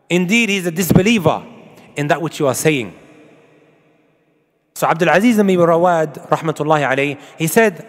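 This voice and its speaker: A man's voice: on the high side, lively intonation, fairly quick, big-room sound. A man preaching a sermon to an audience, emphatic and full of rhetorical questions, with Arabic quotations. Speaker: Islamic preacher.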